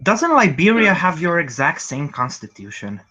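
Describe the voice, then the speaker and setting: A man talking as a guest in a casual online group chat, quick and stammering, with sarcastic quips. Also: fairly high pitch, big pitch swings, bright, forceful tone, slightly rough. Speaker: guest panelist. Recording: muffled lo-fi video-call audio.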